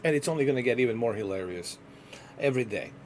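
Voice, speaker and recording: A man chatting casually on a gaming livestream, rambling and laid-back, often trailing off quietly. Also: mid-range voice, lively intonation, quick pace, background noise. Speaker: livestreaming gamer.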